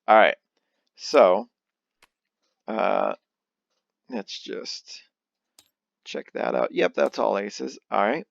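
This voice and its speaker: Low, gravelly young man rambling. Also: no echo. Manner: rambling, self-deprecating, thinks out loud. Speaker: let's play host. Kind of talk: casual gameplay commentary. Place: home. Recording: dull lo-fi home recording.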